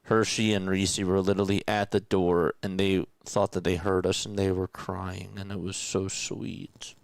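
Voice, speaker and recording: A young man streaming casual radio-style play-by-play, chatting with viewers in a relaxed way between calls. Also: low-pitched, moderate pace, creaky, clean tone, no room sound.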